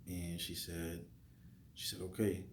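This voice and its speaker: Deep-voiced man telling a dream story. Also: slow. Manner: animated, acts out his own lines, drops to whispers. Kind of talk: casual storytelling. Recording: echoey room with faint noise.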